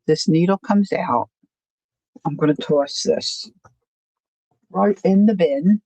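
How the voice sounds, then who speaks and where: A woman's voice: fairly low pitch, slow pace, mellow, husky, dry recording, low-quality recording. A woman hosting a casual crafting livestream, rambling and self-deprecating, often stopping to restart her sentences. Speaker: crafting channel host.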